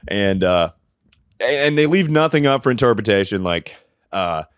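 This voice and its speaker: Podcast co-host, male, low-pitched, profane animated ranter, dead-dry sound. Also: normal speed, clean tone, dry recording. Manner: profane, animated ranting with mocking put-on voices. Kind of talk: casual comedy podcast chat.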